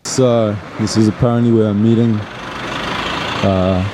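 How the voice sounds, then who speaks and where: A man's voice: on the low side, fairly even intonation, measured pace, very noisy. A man filming a documentary in a mockumentary, hesitant and meek. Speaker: documentary filmmaker. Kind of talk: improvised mockumentary comedy.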